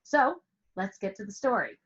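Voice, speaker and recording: A woman's voice: mid-range voice, big pitch swings, moderate pace, slightly rough, muffled recording. A woman music teacher telling a playful story to explain a lesson, asking questions and stretching words for emphasis over an online call. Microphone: online call with screen share.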